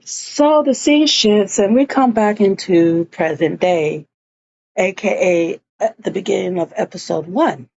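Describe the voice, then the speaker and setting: A woman giving a casual, gossipy episode recap, animated and acting out the scenes. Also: mid-range voice, a little slow, vocal fry, slight background noise. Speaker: TV show reviewer. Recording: dull lo-fi audio.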